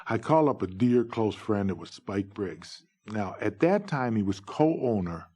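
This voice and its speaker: Husky middle-aged man spinning anecdotes. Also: measured pace. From New York State, USA. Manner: animated, acts out dialogue with big pitch jumps. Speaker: former umpire telling his stories. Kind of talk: anecdotal storytelling.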